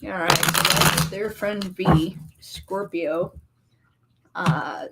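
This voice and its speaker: A woman reads tarot for her live viewers in a slow, easygoing way. She chats casually and teases her audience. The recording carries a clear layer of noise behind her. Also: fairly low pitch, fairly even intonation. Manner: chatty, teasing, laughs easily. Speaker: tarot reader on a livestream. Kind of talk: casual live-stream chat.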